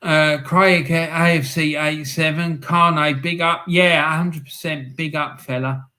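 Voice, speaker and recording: A man hosting a casual live football stream, reading out scores and viewer comments in a chatty, excitable way. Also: fairly high pitch, unhurried.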